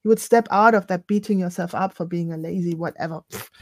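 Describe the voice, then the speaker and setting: A woman co-hosting a podcast, speaking in a reflective casual chat and laughing softly now and then. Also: on the low side, fast talker, dry recording. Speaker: podcast co-host.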